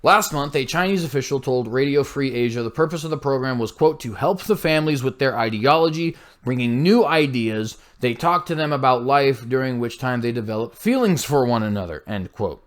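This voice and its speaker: A man's voice: medium pitch, expressive, a little fast, few pauses. A man hosting a commentary show, reading news aloud with blunt, scornful asides and frequent slips and self-corrections.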